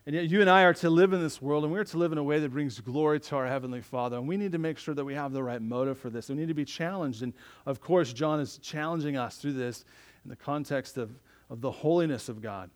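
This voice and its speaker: A man preaching a sermon in a slightly higher voice than most men. He talks conversationally, often tossing quick check-in questions at his listeners as he goes. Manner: conversational, frequent tag questions. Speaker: pastor.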